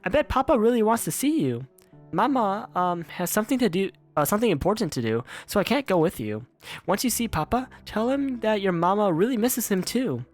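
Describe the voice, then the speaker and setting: A man voicing a weak, dying mother who coughs and speaks slowly and tenderly to her child. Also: sits high, very animated, faint music behind, voice pushed up. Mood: tender, mournful. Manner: soft, slow, tender pleading.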